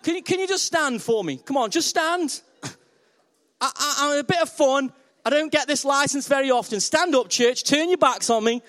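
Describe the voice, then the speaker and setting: High-voiced energetic male preacher. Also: moderate pace. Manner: playful, energetic, directly addresses congregation. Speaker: pastor. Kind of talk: sermon.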